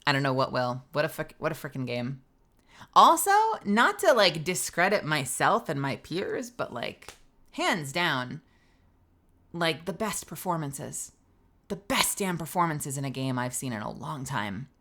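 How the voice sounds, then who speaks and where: Woman streamer, low-ish but bright and edgy tone, rambly casual chat. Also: very animated, measured pace. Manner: chatty, rambling, filler-heavy. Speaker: streamer and voice actor.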